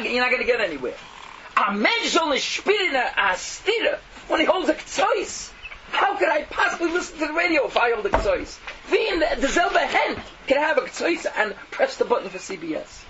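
A man giving a fiery sermon, mocking and animated, swinging from loud outbursts to hushed asides, on a dull lo-fi recording. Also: sits high. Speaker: preacher. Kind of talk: fiery Yiddish-laced sermon. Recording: dull lo-fi recording with faint noise.

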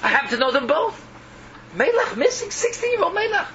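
A crowd can be heard behind a rabbi preaching a little fast in a very high voice with big pitch swings. Mixing Yiddish and Hebrew terms into his English, he grows emotional and repetitive, moving between cries and murmurs on a muffled, lo-fi, noisy recording.

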